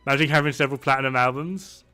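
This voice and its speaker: A man's voice: medium pitch, steady tone, very fast, pushed and bright, smooth, faint music behind. A man chatting casually while he plays a game, rambling and laughing often. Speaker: gaming streamer. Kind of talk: casual chat while gaming.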